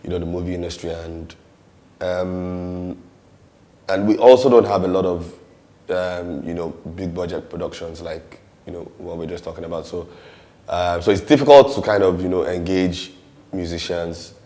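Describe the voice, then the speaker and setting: A man's voice: low voice, moderate pace. A Nigerian man with a Nigerian accent, talking casually in an interview, with many fillers and some Yoruba phrases. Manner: relaxed, many "you know" fillers, mixes in Yoruba. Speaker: musician and actor interviewee.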